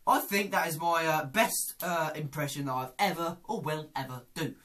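A man's voice: fairly high pitch, normal speed, a bit bright. A man hosting a casual comedy vlog, chatty and self-deprecating. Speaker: YouTuber.

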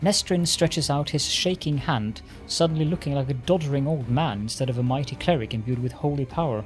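A man reading a fantasy game's narration aloud in a steady storytelling manner. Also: medium pitch, brisk, hardly any pauses, faint music behind. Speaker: let's play narrator. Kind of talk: reading game text aloud.

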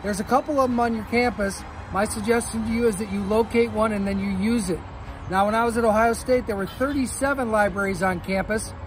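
A man's voice: high voice, a little fast, low-quality recording. An older grandfather recording a jokey, upbeat video message outdoors near street traffic.

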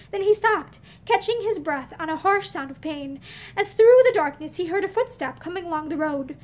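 Woman reading an old novel out loud, earnest and expressive, really high voice. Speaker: audiobook reader. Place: indoor room with bookshelves. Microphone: camera facing her.

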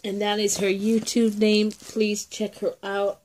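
A woman's voice: mid-range voice, little pitch movement, measured pace, a little mellow, a little hiss or hum. A woman unboxing nail art mail for her viewers, chatty and heartfelt, with a grandchild, calling her audience ladies and getting teary. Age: older. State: tearful. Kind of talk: casual unboxing vlog.

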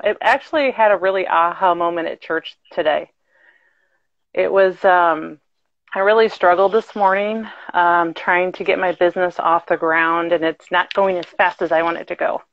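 A woman's voice: on the low side, dry recording. A woman sharing a heartfelt personal testimony over a video call, earnest and tumbling through her phrases. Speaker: guest caller. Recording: dry, dull video call audio.

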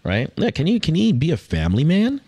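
A man's voice: a little high, wildly swooping pitch, fairly quick, darkish tone, dry recording. A man hosting a podcast in joking, playful casual chat. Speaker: podcast host.

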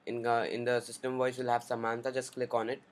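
A man's voice: mid-range voice, monotone, quick pace. A man in a mid-range voice guides viewers through a computer setting. He speaks in a casual, upbeat way and lays out each click in plain steps. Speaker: tech tutorial host. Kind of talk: screen-recorded software tutorial.

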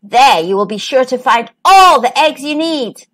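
A woman putting on a sly old lady pig, slow, wheedling, bargaining, storybook voice. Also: sits high, expressive, fairly bright tone, exaggerated voice. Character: sly old female pig stranger, cunning trickster.

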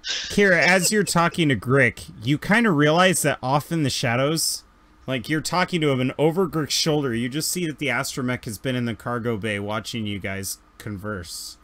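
A man's voice: mid-range voice, normal speed. A man narrating as game master of a tabletop role-playing session, laughing as he describes the scene. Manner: lively, laughing storyteller.

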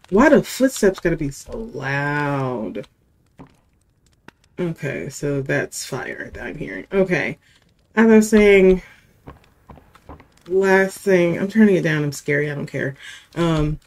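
A woman's voice: low-pitched, big pitch swings, takes it slowly, pauses often, a little mellow. A woman giving let's-play commentary on a game, jittery and casual, using slang and keeps saying how scared she is. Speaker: gaming video creator.

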